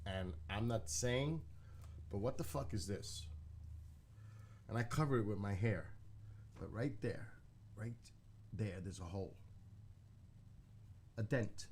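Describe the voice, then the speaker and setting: A man with a somewhat low voice talks to his live stream chat from his living room. He tells a rambling story in a casual, blunt way and swears freely. The talk is loose and unscripted. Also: slow pace, pauses often, a little mellow, slight background noise. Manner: profane, blunt, talking to chat.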